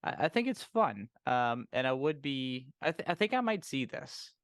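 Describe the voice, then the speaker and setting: A man of average pitch co-hosts a relaxed movie chat, dry and a little sardonic in his reactions. The recording is dry and close, with no room sound. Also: moderate pace, dry recording. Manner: wry, reacts with short exclamations. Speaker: podcast co-host.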